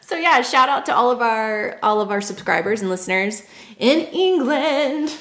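A woman's voice: a little high, expressive, normal speed, fairly bright tone, reverberant. Bubbly woman podcast co-host. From Nashville, Tennessee. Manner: bubbly, laughs often, chatty. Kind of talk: casual chat.

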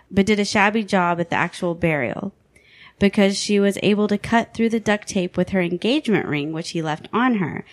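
A woman's voice: mid-range voice, no echo. A woman hosting a podcast, reading list entries between casual chat. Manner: steady reading voice, laughs between items.

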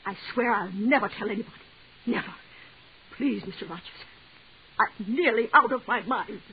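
An actress playing a frantic jealous wife. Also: female voice, on the high side, moderate pace, close to an everyday voice. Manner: pleading, breathless and overwrought. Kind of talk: 1940s radio acting. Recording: tinny old radio broadcast with hiss.

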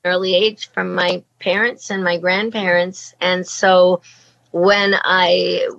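A woman's voice: on the low side, level tone, slow pace, creaky, a bit bright. A middle-aged woman from Canada, a voice actor and former politician, talking earnestly and reflectively as an interview guest, with frequent restarts. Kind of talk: casual interview talk. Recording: slightly dull lo-fi sound.

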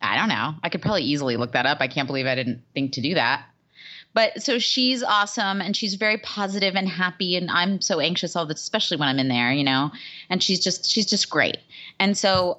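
A woman co-hosting a podcast, chatting casually and telling animated stories, acting out the people she quotes. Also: deep voice. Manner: animated, laughing storyteller who acts out quotes. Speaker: podcast co-host. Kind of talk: casual chat.

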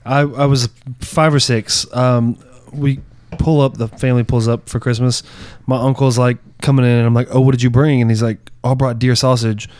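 A man's voice: medium pitch, level tone, moderate pace, a little mellow. A man telling stories in a casual group chat, laid-back and swearing freely.

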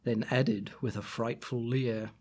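A man reading a rhyming story aloud, slow and expressive. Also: mid-range voice. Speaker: reader.

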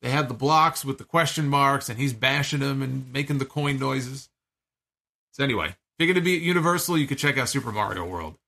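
A man's voice: mid-range voice, expressive, brisk, vocal fry, sharp tone. A man giving a chatty, digressive recap of a wrestling show, speaking casually and acting out the lines he quotes.

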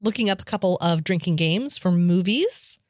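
Animated woman podcast host, lively pitch. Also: normal speed, dry recording, studio quality. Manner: animated, laughing, wry asides. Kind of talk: casual chat, reading a list aloud.

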